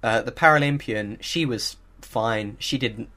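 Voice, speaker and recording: Man, podcast co-host, animated storyteller, mid-pitched, chatty and laughing. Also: measured pace. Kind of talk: casual chat.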